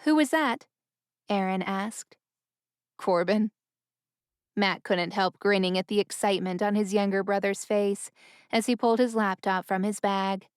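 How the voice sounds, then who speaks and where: Brief: female audiobook narrator, smooth and resonant, dry close studio sound, even pacing. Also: medium pitch, moderate pace, dry recording.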